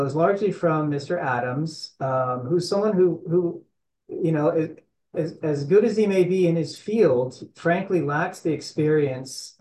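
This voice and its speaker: A man with a hoarse voice, an attorney making a legal argument at a hearing, hesitant with many fillers and restarts. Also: on the high side, warm tone. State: hoarse, coughing from allergies. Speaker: attorney for the applicant. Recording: echoey room, faint background noise.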